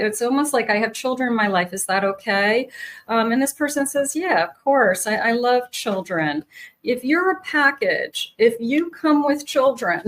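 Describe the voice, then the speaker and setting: A woman's voice: on the high side, fairly bright tone. A woman psychic giving a tarot reading to her viewers, soothing and meandering, often restarting her sentences. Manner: slow, soothing, searching for words with many restarts.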